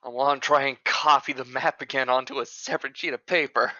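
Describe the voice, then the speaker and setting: A man with a bright, forceful voice chats as a player in a tabletop game. He speaks into a headset, and the sound comes across dry and lo-fi. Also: mid-range voice, fairly even intonation, a little fast, no echo. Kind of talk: casual tabletop game chat.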